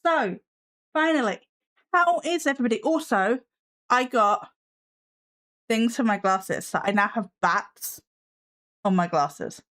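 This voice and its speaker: A live stream host chats from her desk at home, her voice sitting a little high for a woman. She talks loosely to her viewers and her cat, breaking into dry, self-mocking sarcasm. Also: animated, measured pace, long pauses, a bit bright. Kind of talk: casual live stream chat.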